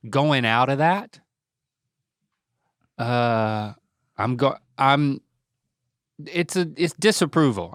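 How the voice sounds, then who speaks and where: A middle-aged man, hosting a casual podcast with lively, laughing, mock-exasperated reactions. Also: medium pitch, clear, resonant tone, no room sound, studio quality. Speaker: podcast host.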